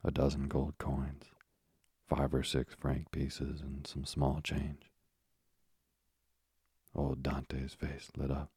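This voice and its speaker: A man narrating a classic novel as a slow, soft-spoken sleep story. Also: a bass voice, completely flat delivery, husky, no room sound, clean studio sound.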